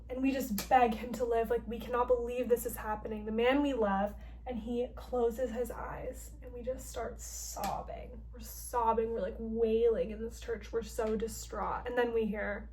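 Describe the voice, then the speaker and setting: A young woman recapping a game's story in a chatty, expressive way, filling her talk with "like". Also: on the high side, normal speed, a little hiss or hum. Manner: chatty, heavy use of "like", playful and expressive. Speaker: gaming vlogger.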